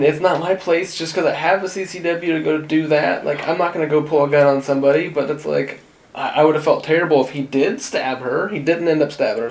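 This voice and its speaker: A man with a fairly high voice, caught in a roomy, echoing space. He hosts a loose chat among friends and spins a long anecdote, stumbling through fillers and restarts as he goes. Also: creaky. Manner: rambling storyteller, many fillers and restarts. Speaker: podcast host. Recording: roomy echo.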